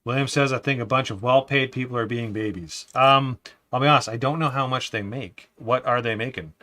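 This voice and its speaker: A man hosts a relaxed live stream as he builds a Lego set. His voice sits at an everyday middle pitch. He reads out viewer comments and talks through his opinions, then drifts into low, quiet mutters as he works on the pieces. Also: fairly quick. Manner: often drops to quiet muttering while building. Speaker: livestream host building Lego. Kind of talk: casual live-stream chat.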